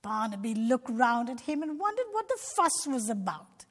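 A woman's voice: a little high, big pitch swings, moderate pace. A woman narrating a Christian children's story expressively, talking directly to young listeners. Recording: long reverb.

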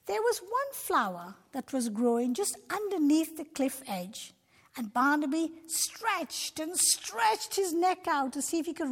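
A woman narrating a Christian children's story expressively, talking directly to young listeners. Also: high voice. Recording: long reverb.

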